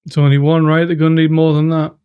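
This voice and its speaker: A man's voice: on the high side, monotone, fast, phone-quality sound. A man hosting a live movie reaction, talking emotionally to the screen and swearing as he watches. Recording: noisy with loud film audio.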